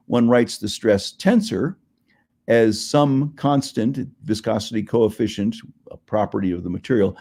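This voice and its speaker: A man giving an academic lecture over slides, measured and explanatory, often repeating a phrase for emphasis. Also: mid-range voice, warm tone. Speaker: guest lecturer in geoscience.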